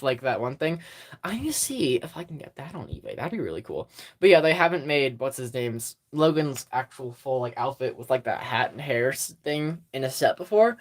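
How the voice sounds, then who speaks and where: A chatty livestream host talking straight into a phone at home, giggling often and losing the thread. The voice is mid-pitched, and the talk wanders through fillers and restarts. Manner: rambling and giggly, full of fillers. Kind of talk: casual livestream chat with viewers.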